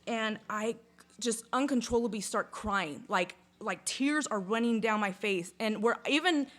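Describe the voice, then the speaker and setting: A woman in casual conversation, telling a personal story in a lively, chatty way, with lots of "like" and some swearing. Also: on the high side, measured pace. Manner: chatty, full of "like", swears freely; lively retelling, acts out sounds and inner voices. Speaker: podcast guest.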